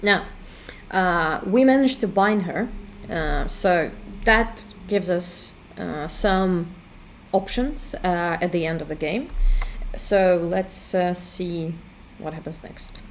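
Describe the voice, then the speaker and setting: Slow, hesitant woman walking through her game. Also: on the low side, slight background noise. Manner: hesitant, full of fillers and restarts while thinking aloud. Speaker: game creator demonstrating her work. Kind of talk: casual walkthrough commentary.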